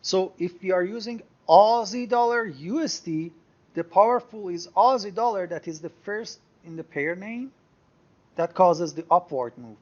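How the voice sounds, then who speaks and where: A man teaching a software screen-share tutorial, explaining step by step and thinking aloud as he clicks through charts. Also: sits high, normal speed, muffled recording. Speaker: trading software instructor.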